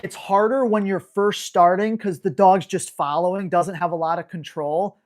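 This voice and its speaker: A woman's voice: lowish voice, steady tone. Blunt, slangy woman dog trainer. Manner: brisk, slangy and blunt, acting out sharp corrections to a dog. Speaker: dog trainer answering viewer questions. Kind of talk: live Q&A, casual coaching.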